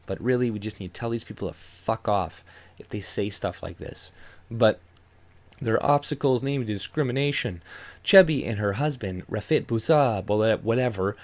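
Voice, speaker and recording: A man's voice: fairly low pitch, lively intonation, moderate pace. A man ranting angrily and sarcastically with heavy swearing while reading out and reacting to a news article. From Canada. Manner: angry, profane, sarcastic ranting. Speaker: YouTube commentator.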